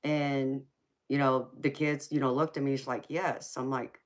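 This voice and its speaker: A rumbling low female voice with little pitch movement, keeping a moderate pace. She's from California yet carries a heavy Southern accent from Georgia, laughing often and chatting casually on her late-night live stream.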